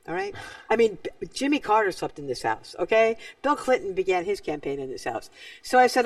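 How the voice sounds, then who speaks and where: A man hosting a talk show, telling an anecdote in a lively way and acting out quoted dialogue. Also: high-pitched, a little fast, gravelly, no echo, far from the mic, rough recording. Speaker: host. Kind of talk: storytelling chat.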